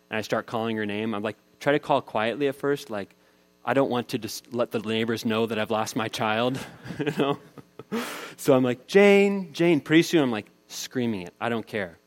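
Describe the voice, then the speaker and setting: A man in his thirties preaching a sermon, telling a family story in a casual, conversational way. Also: lowish voice. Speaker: pastor.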